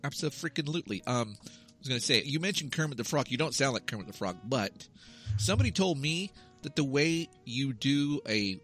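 A man in his thirties co-hosts a podcast in an easy, joking way, rambling from one gag to the next. His pitch sits in an ordinary middle range. Faint music plays behind him. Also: expressive, brisk, a bit bright. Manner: jokey, playful, rambling. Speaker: podcast co-host. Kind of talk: casual podcast chat.

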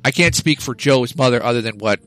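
A man's voice: medium pitch, brisk, a bit bright, soft background music, low-quality recording. Wry man telling a story. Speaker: podcast host. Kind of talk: casual podcast banter.

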